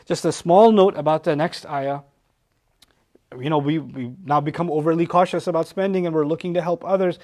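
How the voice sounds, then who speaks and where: A man giving a lecture on Quran verses, animated, asking rhetorical questions and acting out what people say. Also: on the high side. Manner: animated, rhetorical questions, acts out quoted voices. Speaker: Quran teacher.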